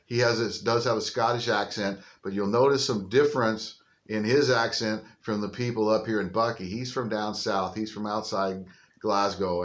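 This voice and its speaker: An older man, a pastor, giving an informal livestreamed sermon outdoors in a folksy, chatty storytelling manner, talking into a phone on a selfie stick. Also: lowish voice. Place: outdoors on a windy day.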